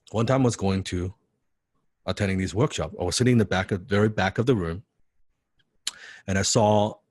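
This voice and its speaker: A man with a fairly low voice tells a personal story in a casual motivational talk. He is animated and keeps stumbling into repeated words and little laughs. The sound is close and dry, with no room around it. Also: no room sound. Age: young adult. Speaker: business coach.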